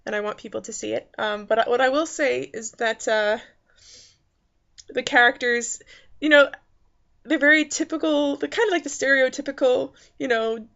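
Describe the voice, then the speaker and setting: A woman's voice: high-pitched, fairly even intonation, normal speed, creaky, fairly bright tone, dull audio. A woman giving a casual spoken movie review, rambling with many fillers and restarts. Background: faint background noises.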